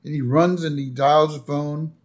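A man's voice: a little high, normal speed. A man co-hosting a podcast, casually recapping a cartoon episode and reacting with animation. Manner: animated, reacts and acts out quotes. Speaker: podcast co-host.

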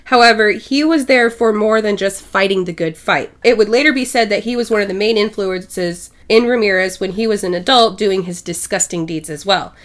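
A woman co-hosting a podcast, reading prepared narration in a steady way. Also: mid-range voice, moderate pace, hardly any pauses. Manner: steady, reads from notes. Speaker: podcast co-host.

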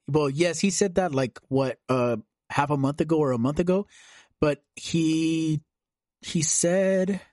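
A man's voice: on the high side, a little mellow, dry recording, clean studio sound. Casual rambling podcast host, man. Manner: loose, rambling, swears casually. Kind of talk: casual political chat.

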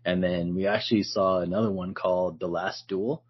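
A man co-hosting a podcast in casual chat, relaxed and loose, says "like" a lot and laughs often. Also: low voice, normal speed, husky, muffled recording. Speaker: podcast co-host.

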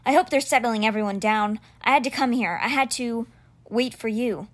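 A woman's voice: normal speed, close to an everyday voice. Woman voicing a shaky young boy mage. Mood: distressed. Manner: higher, shaky and strained. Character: anxious teenage boy mage, grief-stricken.

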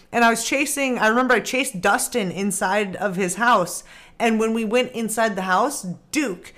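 A woman hosting a podcast who tells a story in a casual, animated way and acts out what other people said. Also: mid-range voice. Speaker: podcast host.

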